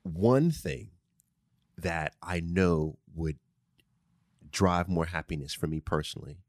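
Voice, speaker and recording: A man with a very low voice talks through listener questions in an easy, advice-giving way. He stresses key phrases and repeats them, often checking in with a quick "right?". The sound is dry and close. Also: dry recording. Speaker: podcast host answering listener questions. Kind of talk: casual advice talk. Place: studio.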